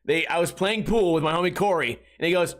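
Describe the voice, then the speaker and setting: A man's voice: on the high side, quick pace. A man hosting a comedy podcast, ranting in a casual, exasperated way and mimicking friends in a raised voice. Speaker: podcast host.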